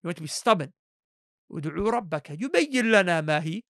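Delivering a Quran lesson, this Islamic teacher talks in rapid bursts separated by long pauses, his high voice turning creaky. He's animated, performing quoted voices and asking listeners rhetorical questions. The audio is studio quality with no room sound.

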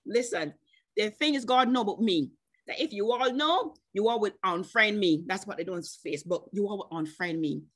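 A woman preaching a sermon at a church service, speaking personally to members of the congregation and stretching out slow scripture quotes between bursts of emphasis. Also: mid-range voice, expressive. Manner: chatty, personal asides to named congregation members. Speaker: guest preacher.

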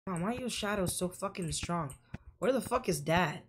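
A woman's voice: fairly low pitch, lively intonation, normal speed, a little hiss or hum. A woman narrating her own horror game playthrough with profane, jokey, dramatic commentary. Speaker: gaming YouTuber. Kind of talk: horror game let's play.

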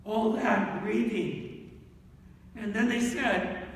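Male pastor, high voice, slow deliberate delivery, far from the mic in a reverberant church. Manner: animated preaching, reads scripture slowly in old wording. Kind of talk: sermon. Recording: echoey hall from far off, faint noise.

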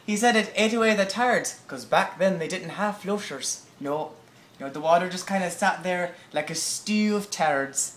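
A man's voice: sits high, normal speed, a bit bright, roomy sound. A man rambling through an improvised comedy bit in a goofy, mock-serious way, full of hesitant fillers. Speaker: comedy video host.

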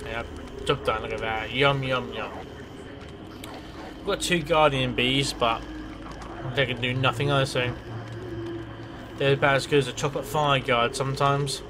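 A man at a middle pitch rambles through casual let's play commentary. He swears freely and talks to himself as he goes. A steady hiss of noise sits under the recording. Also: moderate pace, long pauses.

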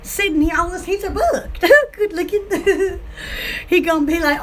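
A woman's voice: very high-pitched, normal speed, a bit bright, a little hiss or hum. A woman hosting her own channel, rambling playfully and giggling as she acts out silly scenes. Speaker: channel host.

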